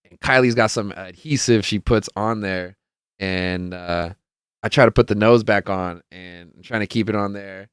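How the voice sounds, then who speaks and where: A man's voice: fairly low pitch, clear, resonant tone, no room sound, studio quality. A young man hosting a podcast, telling a rambling party story in casual chat, swearing freely, laughing often and acting out what people said. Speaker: podcast host.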